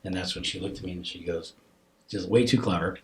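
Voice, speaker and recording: Low-voiced man telling a heartfelt story. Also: brisk, roomy sound. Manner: earnest, emotional storytelling, often dropping to a hushed near-whisper. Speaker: podcast guest. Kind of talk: podcast conversation.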